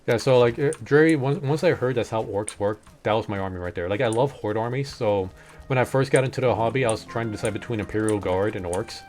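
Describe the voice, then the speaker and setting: A man streaming a game chats casually, drifting through long lore explanations full of filler words. He talks fast in a fairly low, slightly mellow voice.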